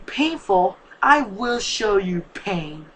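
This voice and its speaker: A young fan reader voicing an enraged female sunflower plant who yells furious threats in a fan-fiction reading. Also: mid-range voice, big pitch swings, slow pace, slight background noise, voice pushed up.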